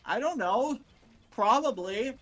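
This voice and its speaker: Young male co-host, animated rambler, bright tone. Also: very high voice, slow pace, faint music behind. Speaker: podcast co-host. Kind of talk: casual chat.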